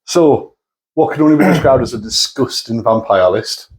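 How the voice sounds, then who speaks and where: A man chatting casually as co-host of a tabletop gaming show. His voice sits at an ordinary mid pitch. He rambles easily and corrects himself as he goes. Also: expressive, moderate pace, low-quality recording. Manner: easygoing, rambling, self-correcting. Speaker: co-host of a tabletop wargaming channel. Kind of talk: casual chat.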